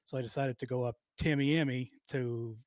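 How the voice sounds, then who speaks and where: A man with a Boston accent hosting a podcast over a video call, telling a rambling, excitable story. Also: medium pitch, normal speed, no room sound. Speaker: podcast host. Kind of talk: casual interview chat.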